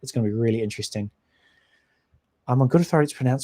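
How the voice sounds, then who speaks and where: A man's voice: on the high side, very animated, fast, pauses often, darkish tone. Chatty New Zealand man on a livestream. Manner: rambling, chatty, reads out and answers viewer comments. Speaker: whisky channel host. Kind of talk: casual livestream chat.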